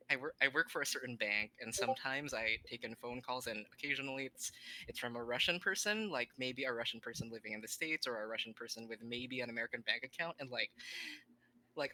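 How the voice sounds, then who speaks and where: A podcast co-host in casual chat, excitable and breaking into loud, high laughs. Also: rough recording.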